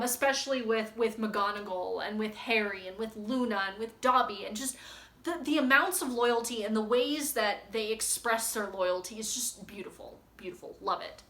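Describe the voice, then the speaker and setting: Bright-voiced, gushing young woman book vlogger. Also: on the high side, echoey room. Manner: gushing, rambling, with many likes and ums. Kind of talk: casual book chat reading passages aloud.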